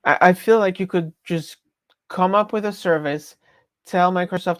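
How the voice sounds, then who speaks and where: A woman's voice: lowish voice, moderate pace, no echo. Chatty woman with a French accent. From France. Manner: rambling, chatty, self-interrupting. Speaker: live streamer. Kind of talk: casual live-stream chat.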